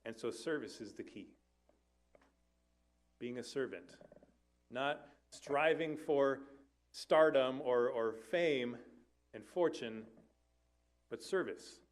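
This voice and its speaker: A man's voice: mid-range voice, expressive, slow, long pauses. A man, a family life minister, preaching an earnest sermon to a church, with conversational asides and occasional self-corrections.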